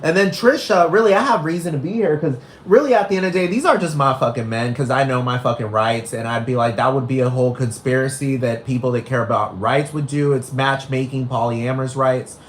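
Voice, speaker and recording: A man's voice: mid-range voice, brisk, hardly any pauses, close to an everyday voice. A man performing a brash, gossipy young woman who goes on a rambling, profane rant in a comedic character monologue. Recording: roomy echo.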